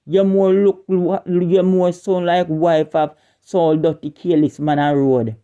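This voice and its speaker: A woman's voice: on the low side, dark tone, muffled recording. A woman with a Jamaican accent delivering an indignant scolding rant as an online commentator, repeating and stumbling over her words.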